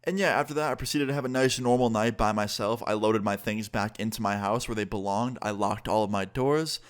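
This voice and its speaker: A man's voice: fairly low pitch, brisk. A young man casually telling a story to his viewers, full of "like" and quoted back-and-forth. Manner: casual, filler-heavy retelling with lots of "like". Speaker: YouTuber telling a story time.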